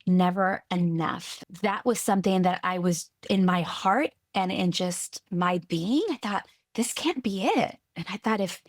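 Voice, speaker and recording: A woman from California, a guest on a podcast interview, telling her story earnestly and with lively restarts. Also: fairly low pitch, unhurried, few pauses, dry recording, clean studio sound. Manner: earnest, lively retelling with restarts and quoted voices. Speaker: guest, tech executive.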